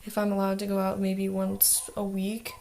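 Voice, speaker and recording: A woman's voice: mid-range voice, completely flat delivery, moderate pace, vocal fry, dark tone. A teenage girl talking in a casual video diary as an exchange student, chatty and full of "like" fillers.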